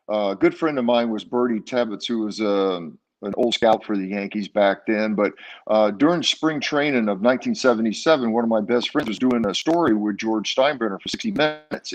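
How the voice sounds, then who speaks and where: An older man, a former ballplayer, recounting his career in a casual interview with many fillers and restarts. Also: lowish voice. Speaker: guest, former baseball player.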